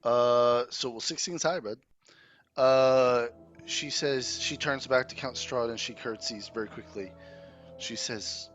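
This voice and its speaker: A man narrating a tabletop game as game master in a relaxed, descriptive way, with music underneath. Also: medium pitch, slow pace.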